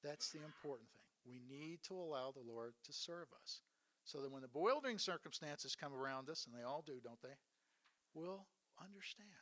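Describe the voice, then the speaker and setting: A man's voice: fairly high pitch, animated, moderate pace, fairly bright tone. Earnest man preaching a sermon. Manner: earnest, asks rhetorical questions. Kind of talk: sermon retelling Bible stories.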